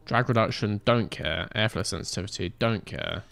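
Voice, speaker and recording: A man's voice: fairly low pitch, animated, fairly quick, vocal fry, a bit bright, faint music behind. A young man streaming a racing management game, chatting casually with joking banter and mock outrage. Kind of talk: casual live-stream chat.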